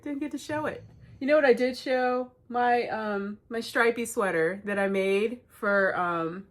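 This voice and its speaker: A woman, hosting a knitting vlog, telling stories in a chatty, animated way and laughing often. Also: medium pitch. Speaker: knitting podcast host. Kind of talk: casual storytelling vlog.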